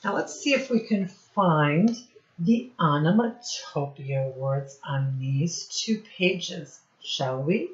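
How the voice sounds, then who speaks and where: A woman's voice: sits low, expressive, takes it slowly, roomy sound, lo-fi sound. A woman reading a picture book aloud to young children, acting out the sound words in a sing-song teacherly way, asking questions and praising them. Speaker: storybook reader for children. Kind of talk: read-aloud storytime for young kids.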